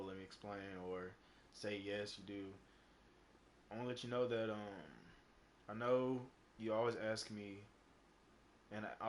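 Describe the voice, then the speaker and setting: Low-voiced young man rambling casually. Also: fairly bright tone, slight background noise. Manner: rambling, heavy on fillers and profanity. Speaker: live game streamer. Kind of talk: casual storytelling chat.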